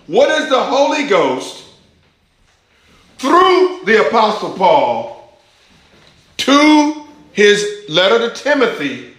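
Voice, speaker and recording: A man preaching a sermon, emphatic, rising to high urgent questions and dropping to low intense asides. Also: a bit bright, very echoey, poor audio.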